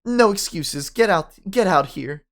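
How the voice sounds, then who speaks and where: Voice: mid-range voice, moderate pace, a bit bright, voice pushed up, close to an everyday voice. A narrator voicing a flustered woman school principal who stammers and scolds. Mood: flustered scolding.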